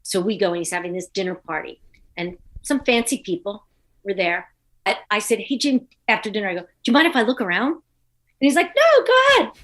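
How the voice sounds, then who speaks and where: A woman comedian guest telling a lively anecdote in a podcast interview, acting out the people she quotes. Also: medium pitch, fairly quick. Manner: animated, acts out quoted voices.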